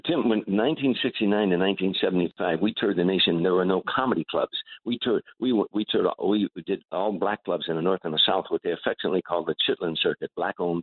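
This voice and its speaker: An older man, a comedian, telling stories with animated restarts in a radio interview over the phone. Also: sits low, husky, no room sound. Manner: animated storyteller with repeated restarts. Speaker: guest comedian. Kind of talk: casual radio interview storytelling. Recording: tinny phone line.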